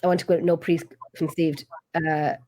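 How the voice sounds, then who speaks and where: A woman's voice: low-pitched, moderate pace. Chatty Irish woman hosting. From Ireland. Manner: chatty, lively, greets viewers. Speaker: host. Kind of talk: casual chat, reading viewer comments.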